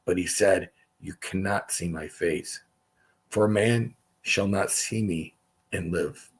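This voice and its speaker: A man's voice: low-pitched, slow, breathy edge. A man hosting a casual livestream Bible study, reading scripture aloud and stopping for chatty asides.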